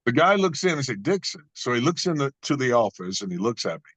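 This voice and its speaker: A man's voice: medium pitch, very animated, fast talker, fairly bright tone, dry recording, poor audio. Earnest storytelling man, dry close sound. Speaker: guest. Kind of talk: storytelling in a conversation.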